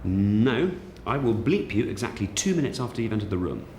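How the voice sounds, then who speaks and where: An actor playing a brusque, glib senior doctor in a sitcom, giving a junior colleague blunt advice. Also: male voice, fairly low pitch, sing-song, a little fast, a little mellow, echoey room, slight background noise. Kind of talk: sitcom acting.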